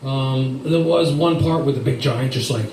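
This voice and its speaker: A man's voice: medium pitch, moderate pace, darkish tone, reverberant, far from the mic, slight background noise, low-quality recording. A middle-aged man doing a rambling, self-deprecating stand-up set, acting out quotes along the way. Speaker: stand-up comedian.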